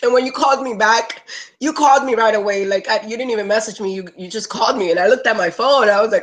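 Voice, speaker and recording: A woman's voice: fairly high pitch, fast, fairly bright tone, rough recording. A woman in her thirties giving an emotional personal testimonial, rambling with lots of "like" and "you know", close to tears at times. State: near tears. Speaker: testimonial speaker.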